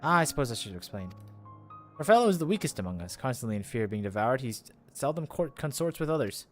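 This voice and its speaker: A man reading the lines of a stern voidsent lord who rules over its domain, in a measured, commanding, slightly hushed voice, with faint game music behind. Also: medium pitch, sing-song, lightly acted. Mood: explaining. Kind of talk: reading game dialogue aloud.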